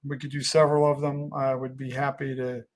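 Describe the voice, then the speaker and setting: A man hosting a casual livestream, reading viewer comments aloud and talking in an earnest, halting way with frequent restarts. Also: mid-range voice, flat delivery. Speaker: livestream host.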